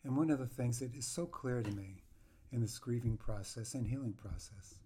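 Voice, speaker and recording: A man hosts his own podcast and reads his personal story aloud. His voice is mid-pitched and his delivery is reflective and earnest. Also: normal speed, warm tone, slight background noise. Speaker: podcast host. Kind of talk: reading a personal grief memoir aloud.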